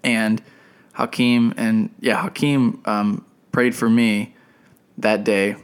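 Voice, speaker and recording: Young man telling a lively story. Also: lowish voice, slow, smooth. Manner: animated, acts out quoted people. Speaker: podcast co-host. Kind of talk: casual storytelling chat.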